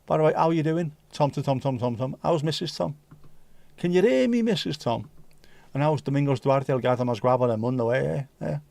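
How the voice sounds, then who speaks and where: A man with a mid-range, gravelly, slightly mellow voice hosts a casual livestream, speaking fast and steadily with few pauses. He reads viewer comments aloud, trading jokey banter and dropping in bits of Dutch and Spanish. The sound is dry, with no echo.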